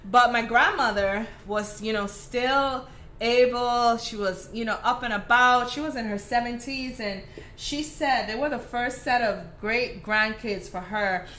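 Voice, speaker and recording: A woman's voice: a little high, unhurried, fairly bright tone, slight background noise. A woman with a Caribbean accent hosting a live craft tutorial, chatty and affectionate with her viewers. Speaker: craft host.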